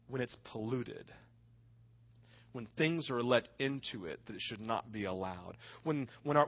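A male pastor preaching a sermon with impassioned, dramatic storytelling, often asking his listeners "right?". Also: mid-range voice. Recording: dull lo-fi recording.

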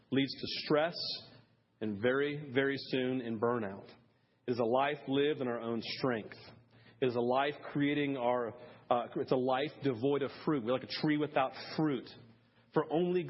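A man preaching a sermon in a conversational way, with many "like"s and "listen"s, swinging from hushed to loud. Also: mid-range voice, slightly rough. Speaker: pastor. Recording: dull lo-fi sermon audio.

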